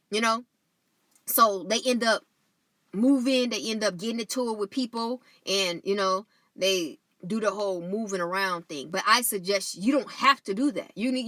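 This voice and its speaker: A woman's voice: a little high, bright, forceful tone, no room sound. A woman talking casually and spiritually to her viewers, saying "you know" often and restarting her sentences. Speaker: channel host.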